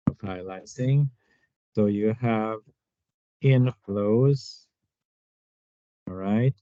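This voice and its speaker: Slow-talking male instructor, checking in often. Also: lowish voice, a little mellow, no echo. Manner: unhurried, explanatory, frequent "all right" check-ins. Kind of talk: screen-recorded tutorial walkthrough. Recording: dull, dry lo-fi sound.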